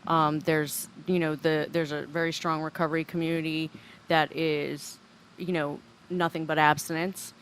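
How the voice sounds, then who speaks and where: Low-voiced woman radio host. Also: moderate pace, slight background noise. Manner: relaxed, reflective, asks questions with frequent "um". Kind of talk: conversational interview.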